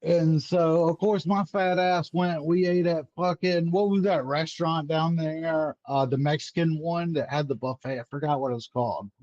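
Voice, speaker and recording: A man's voice: a little high, steady tone, normal speed, hardly any pauses, a little mellow, no room sound, highs cut off. Profane laughing storyteller man. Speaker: guest, former Marine. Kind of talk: casual chat.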